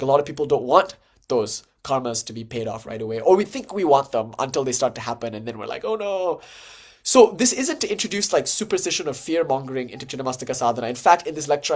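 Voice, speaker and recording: Chatty man giving a spiritual lecture. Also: mid-range voice. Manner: conversational, with frequent "like" and "you know" fillers; animated, jumps to lively acted-out dialogue. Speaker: lecturer on Hindu tantra and philosophy.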